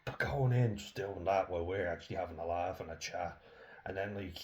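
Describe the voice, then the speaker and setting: A man's voice: low-pitched, fairly quick, darkish tone. A young Irish man from Dublin ranting casually to camera, blunt, swearing freely and laughing as he rambles.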